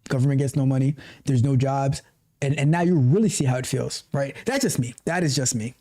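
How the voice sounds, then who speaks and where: With a medium-pitched, mellow voice and a brisk pace, a middle-aged man hosts a casual tech livestream as a tech coach. His delivery is a passionate rant, riddled with self-interruptions and restarts.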